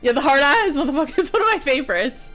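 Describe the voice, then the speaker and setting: A woman's voice: high voice, lively intonation, fast talker, fairly bright tone, faint music behind. A woman in her thirties chatting casually while streaming a game, giggly and playfully swearing. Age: 30s. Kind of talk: casual gameplay commentary.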